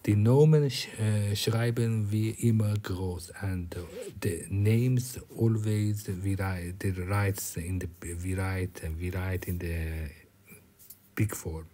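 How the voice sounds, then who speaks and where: A man's voice: low voice, mellow, slight background noise. A man whose first language is Persian, teaching German vocabulary in English, with many fillers and restarts. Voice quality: drops to a whisper at times. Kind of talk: recorded German lecture.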